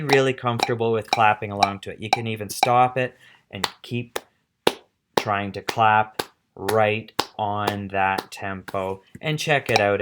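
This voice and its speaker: A man's voice: on the low side, heavy background noise. A middle-aged man teaching music, patiently explaining step by step and counting rhythms aloud. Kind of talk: casual instructional demo.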